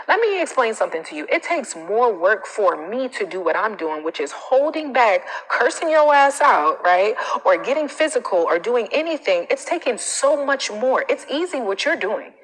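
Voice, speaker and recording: A woman confidence coach giving advice on a live stream, emphatic, repeating her points and tagging them with "okay?"; she acts out other people's quoted lines in a higher voice. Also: big pitch swings, moderate pace, a bit bright, big-room sound, rough recording. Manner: emphatic, repeats phrases, frequent "okay?" tags.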